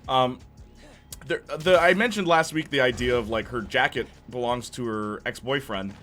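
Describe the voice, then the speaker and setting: A young man streaming gameplay, chatting in a rambling, excitable way with lots of fillers and tangents. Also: medium pitch, normal speed, soft background music. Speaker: gaming streamer. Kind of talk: livestream gameplay commentary.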